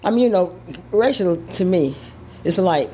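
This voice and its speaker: A woman, an interview guest telling stories of her life, animated, acting out voices and laughing often. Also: lowish voice, moderate pace, slight background noise. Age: 70s. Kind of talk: storytelling chat.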